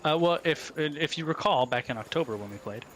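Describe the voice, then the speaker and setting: Male game master narrating a tabletop game, unhurried and halting. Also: on the high side, lively intonation, a bit bright, slight background noise. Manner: halting, many ums and pauses.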